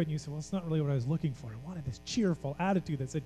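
High-voiced man preaching in a reverberant hall. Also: quick pace, hardly any pauses, mellow, soft background music. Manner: earnest, repetitive emphasis, acts out quoted voices. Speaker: pastor. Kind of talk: sermon.

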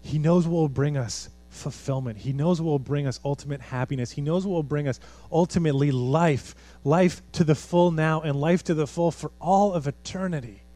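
A man preaching a sermon as a pastor, earnest, moving from lively urgency to hushed, quiet appeals. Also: on the high side, normal speed, hardly any pauses. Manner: earnest, swings from animated to hushed.

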